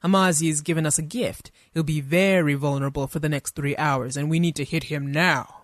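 A woman voicing a gruff, impatient male army general who barks curt orders in a gravelly voice. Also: deep voice, steady tone, brisk, no room sound, clean studio sound, lightly acted.

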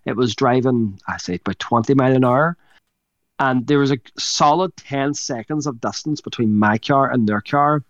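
A man's voice: medium pitch, moderate pace, no echo, highs cut off. A man co-hosting a podcast, telling a rambling story with lots of swearing and laughing mid-sentence. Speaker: podcast co-host. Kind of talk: casual storytelling chat.

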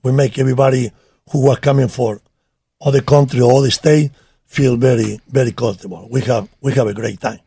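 Husky, gravelly older man, halting non-native English. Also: mid-range voice, steady tone, warm tone. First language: not English. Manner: halting, broken English, measured. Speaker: former soccer player guest. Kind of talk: casual chat.

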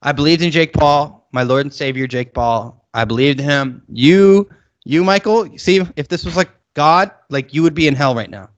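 A man co-hosting a podcast, swearing and joking loudly in casual banter, often talking over the others. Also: a little high, normal speed, lo-fi sound. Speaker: podcast co-host.

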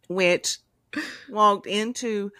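A woman, co-hosting a podcast and telling animated, profane stories with lots of laughter. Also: mid-range voice, extremely slow, no room sound, clean studio sound. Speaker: podcast co-host. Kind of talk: casual storytelling chat.

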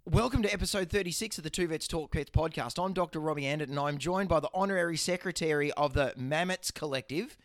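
A man's voice: a little high, quick pace, hardly any pauses, fairly bright tone, dry recording. Joking Australian man with a dry sound. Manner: joking, rambling, many fillers. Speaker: veterinarian podcast co-host. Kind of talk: casual chat.

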